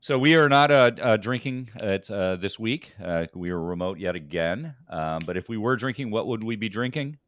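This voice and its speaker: A man's voice: on the low side, lively intonation, fairly bright tone, no echo, clean studio sound. A middle-aged man hosting a podcast, talking casually with many halts and fillers. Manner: halting, filler-heavy. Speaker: podcast host.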